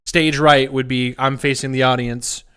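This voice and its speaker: A man's voice: medium pitch, flat delivery, moderate pace, a bit bright, clean tone. A man co-hosting a casual podcast, talking loosely and often repeating words as he restarts his sentences. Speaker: podcast co-host. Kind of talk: casual chat.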